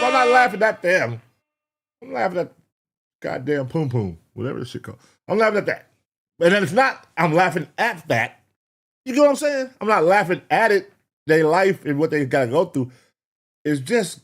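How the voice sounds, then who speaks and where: A man's voice: fairly high pitch, a bit bright. Male reaction streamer, casual and profane, chatty with the audience. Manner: profane, rambling, talks to chat. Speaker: reaction show host.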